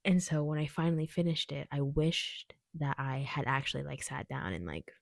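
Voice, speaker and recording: A woman's voice: deep voice, lively intonation, moderate pace, gravelly, no echo, clean studio sound. A young woman at home casually reviewing books she read, chatty and digressive, laughing often. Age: young adult. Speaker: book vlogger. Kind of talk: casual book review vlog. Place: at home, indoors.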